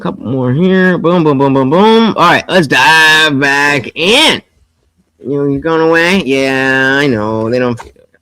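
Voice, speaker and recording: A man hosting a livestream, reacting to a debate with mocking, profane commentary that swings from low muttering to loud outbursts. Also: measured pace, clear, resonant tone, dry recording.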